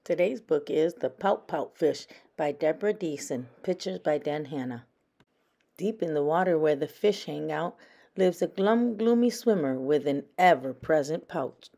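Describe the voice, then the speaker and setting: Storytime mom reader, low, gravelly, lively sing-song delivery, slow. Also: female voice. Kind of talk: children's read-aloud.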